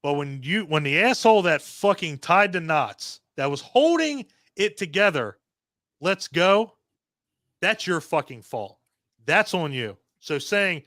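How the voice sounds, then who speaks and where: A man co-hosting a podcast, giving a casual movie review in a heavily profane, animated rant and mocking the characters as he goes. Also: on the high side, measured pace, no room sound, studio quality. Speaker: podcast co-host reviewing a film.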